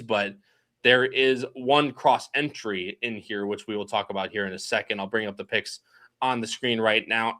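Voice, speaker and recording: A man hosting a casual racing podcast, chatty and quick to laugh as he reads out the live chat. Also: medium pitch, a bit bright. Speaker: podcast host.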